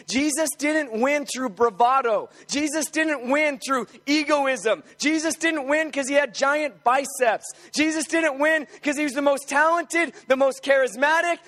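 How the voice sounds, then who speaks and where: A man preaching an animated, humorous sermon, telling stories with energy. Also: extremely high pitch.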